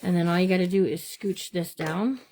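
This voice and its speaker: Calling her audience "you guys," a chatty middle-aged woman runs a live crafting demonstration from her home craft room and talks as she works. Her pitch is fairly low and her tone dark, at a moderate pace, with a little hiss or hum. She's bubbly and likes playful made-up words.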